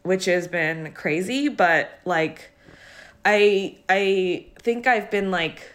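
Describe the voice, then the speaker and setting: A young woman co-hosting a podcast, talking casually and haltingly with many fillers, teary and laughing through it. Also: fairly low pitch. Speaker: podcast co-host. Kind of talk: casual chat.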